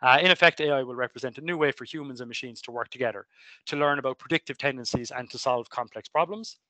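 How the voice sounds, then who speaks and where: A man's voice: mid-range voice, fast talker, bright, forceful tone, no room sound. A man with an Irish accent giving a recorded engineering lecture over a webcam, chatty and full of fillers and self-corrections. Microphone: webcam mic.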